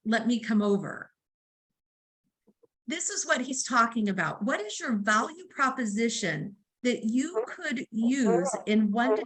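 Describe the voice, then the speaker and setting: A woman delivers a real estate training talk in a bright, somewhat high voice. She is conversational, leans on fillers, and brings her stories to life by voicing each side of the dialogue. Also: rough recording. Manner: storytelling, acts out dialogue; conversational, uses fillers like um and right.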